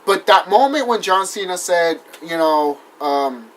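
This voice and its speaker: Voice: medium pitch, lively intonation, a little slow, slight background noise. A wrestling vlogger ranting in casual talk, heated and profane, rambling with restarts and apologizing after outbursts. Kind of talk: casual vlog rant.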